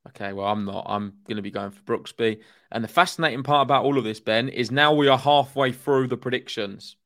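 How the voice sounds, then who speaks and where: A man's voice: medium pitch, a bit bright. A man co-hosting a tennis podcast, chatting casually, teasing his co-host and reading out live chat comments. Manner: teasing, quick banter, reads out live chat.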